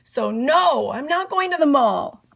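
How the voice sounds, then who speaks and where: A woman voicing an embarrassed young boy who whines, yells and protests dramatically. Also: high-pitched, big pitch swings, measured pace, gravelly, voice pushed up, full character voice. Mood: whiny. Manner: yelling, whining protests.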